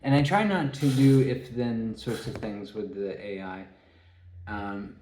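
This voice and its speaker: A man giving a rambling solo talk, halting and restarting his phrases. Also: lowish voice, a little mellow, slight background noise. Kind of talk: rambling spoken monologue. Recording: echoey room.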